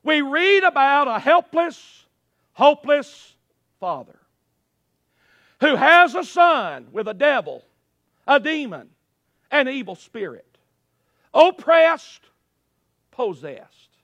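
High-voiced man preaching a dramatic sermon. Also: big pitch swings, takes it slowly, pauses often, dry recording. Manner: dramatic delivery, swinging from loud cries to hushed low phrases. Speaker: pastor. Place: church service.

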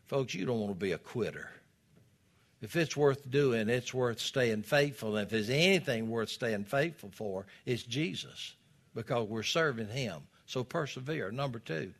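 A man preaching a sermon, swinging between loud emphatic peaks and low, quiet asides. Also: expressive, normal speed. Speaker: pastor.

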